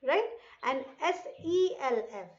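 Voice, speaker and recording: An English teacher with an Indian accent reading a passage line by line to young children and drilling pronunciation slowly and carefully. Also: female voice, sits high, sing-song, dull audio.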